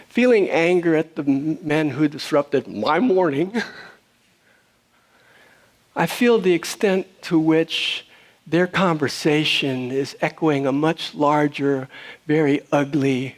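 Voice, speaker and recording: A man giving a conversational sermon to a room of about seventy people, telling a story in an easygoing way, with fillers and restarts. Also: fairly high pitch. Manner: storytelling, easygoing, with fillers and restarts, rising loud when retelling shouting. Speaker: speaker at a spiritual community.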